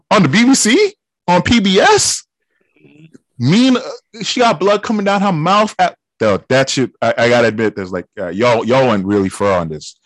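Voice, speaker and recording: A man's voice: on the high side, fairly bright tone, dry recording, rough recording. A man co-hosting a podcast, chatting about films in a laid-back, slangy way and laughing often. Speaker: podcast co-host. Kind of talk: casual film chat.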